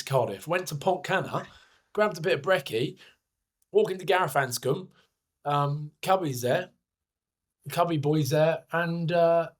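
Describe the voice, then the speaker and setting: Hungover man telling rambling stories. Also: on the high side. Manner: rambling, self-mocking storyteller. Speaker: podcast co-host. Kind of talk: casual chat.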